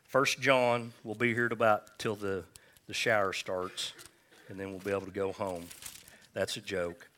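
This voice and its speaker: Bright-voiced man preaching a folksy sermon. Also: fairly low pitch, little pitch movement, a little hiss or hum. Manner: folksy, joking asides, scripture read slowly. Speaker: pastor. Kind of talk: conversational sermon with call-and-response.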